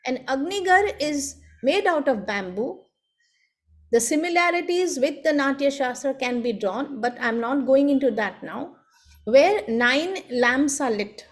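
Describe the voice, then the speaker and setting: A woman delivers an academic seminar lecture with a high, light voice. She speaks slowly and deliberately, laying out each step in turn, as if over a video call. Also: lively intonation. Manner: measured, explanatory, walks through steps one by one. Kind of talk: academic lecture on traditional performance.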